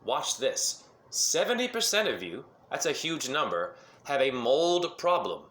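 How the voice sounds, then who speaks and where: A man's voice: mid-range voice, big pitch swings, unhurried, fairly bright tone, roomy sound. A man giving a rambling monologue to camera as a self-styled spiritual teacher, firing off rhetorical questions and jumping between topics.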